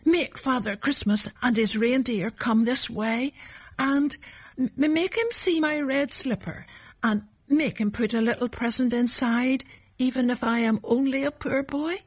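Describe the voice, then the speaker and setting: A woman voicing an eager, hopeful five-year-old boy who often speaks in soft, pleading whispers. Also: high-pitched, unhurried, husky, pitched above the performer's own voice.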